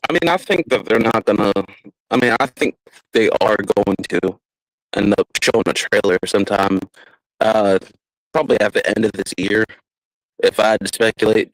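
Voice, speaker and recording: A man hosting a podcast in casual chat, getting animated when he describes fights. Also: on the low side, fairly quick, no echo, rough recording. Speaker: podcast host.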